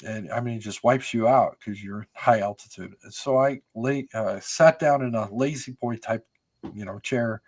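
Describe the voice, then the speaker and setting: An older American man chats as a guest on a podcast in an easy, meandering way. His voice sits at a middle pitch, and he often stops and restarts mid-thought, filling the pauses with ums and uhs. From United States. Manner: rambling, many fillers and restarts. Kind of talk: casual conversational storytelling.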